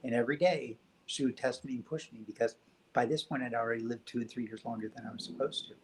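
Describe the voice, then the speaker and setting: A man speaking as a guest in a reflective spiritual conversation, soft, gentle and unhurried. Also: mid-range voice, steady tone, slight background noise, rough recording. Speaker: podcast guest.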